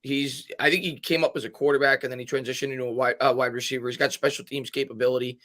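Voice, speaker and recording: A man hosting a live sports stream. He reads viewer comments aloud and adds his own loose takes, full of hesitant fillers. His voice is bright and forceful. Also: mid-range voice, flat delivery, quick pace. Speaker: host.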